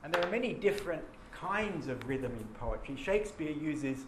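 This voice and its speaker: Man, teacher, patient classroom lecture, somewhat high voice, noisy echoey room. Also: animated, moderate pace, hardly any pauses. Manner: explains patiently, chants rhythms aloud. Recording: echoey classroom with background noise.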